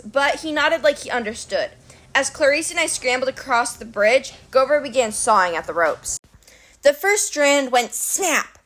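Animated woman reading a storybook. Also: on the high side. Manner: animated, dramatic. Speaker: audiobook narrator.

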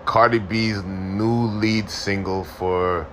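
A man's voice: lowish voice, steady tone, slow, a bit bright, a little hiss or hum. A young man hosting a podcast, ranting casually with lots of slang and swearing, laughing often. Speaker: podcast host. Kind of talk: casual opinion rant.

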